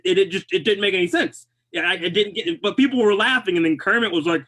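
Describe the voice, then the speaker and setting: A man doing stand-up comedy, ranting with profane, exasperated mock outrage on a club stage while high. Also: fast, hardly any pauses, a bit bright.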